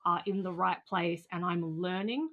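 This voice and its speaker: Low-voiced woman hosting a podcast. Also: normal speed, phone-quality sound. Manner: chatty, laughs often, trails off with "kind of thing". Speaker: podcast host. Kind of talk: casual conversation.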